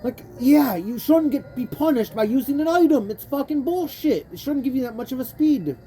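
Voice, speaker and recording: Young woman, gaming commentary, angry profane rant, mellow tone, lively swinging pitch, faint music behind. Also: moderate pace. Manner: frustrated, rambling self-interrupting talk. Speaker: gamer playing a kart racing game. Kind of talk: let's play commentary. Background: faint game music.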